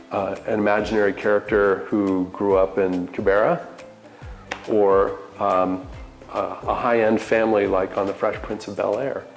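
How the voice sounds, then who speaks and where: A man's voice: lowish voice, poor audio. A man, a TV network chief, talking earnestly and enthusiastically as an interview guest. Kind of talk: casual interview talk.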